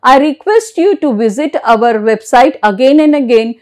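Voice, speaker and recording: A woman's voice: sits high, animated, moderate pace. A woman from India teaching an online English lesson, spelling words letter by letter and often checking in with "okay?".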